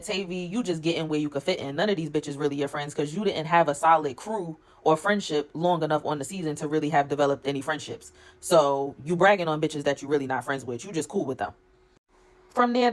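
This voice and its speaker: A woman's voice: low voice, steady tone, a little fast. A woman recapping a reality show episode in a blunt, gossipy, profane way. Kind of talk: casual recap vlog.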